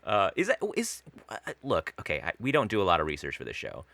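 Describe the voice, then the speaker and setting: An excitable man co-hosting a podcast, his voice swinging up and down with a bright edge. He swears freely and laughs often. The sound is dry and close. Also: sits low, quick pace, gravelly, no echo. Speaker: podcast co-host. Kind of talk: casual chat.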